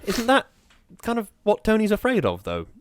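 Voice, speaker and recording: A man's voice: sits high, huge pitch swings, moderate pace, smooth, no room sound, studio quality. A man co-hosting a podcast in casual chat, thoughtful and analytical, with some fillers. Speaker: podcast co-host.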